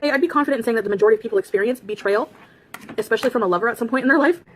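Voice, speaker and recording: A woman's voice: a little high, rapid-fire, a little hiss or hum. A woman vlogger giving viewers earnest, reassuring advice.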